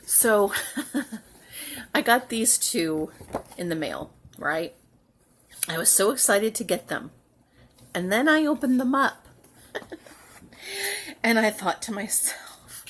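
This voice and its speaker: A woman chatting to camera at home about her stitching, easygoing and a little weary. Her husky voice rises and falls in a lively way, and she talks at an unhurried pace, letting thoughts trail off into quiet asides. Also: mid-range voice. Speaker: cross-stitch video host. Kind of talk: casual chat to camera.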